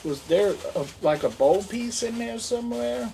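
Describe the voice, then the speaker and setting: A man's voice: very high-pitched, lively intonation, normal speed, creaky, mellow, slight background noise. A man in his forties, rambling goofily through an unboxing vlog, mumbling and joking to himself. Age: 40s. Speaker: unboxing vlogger.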